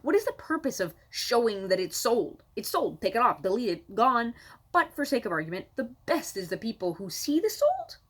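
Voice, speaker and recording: A woman's voice: on the high side, sing-song, normal speed, fairly bright tone. A woman comedian from Canada delivering an exasperated, sarcastic stand-up rant at home, swearing freely.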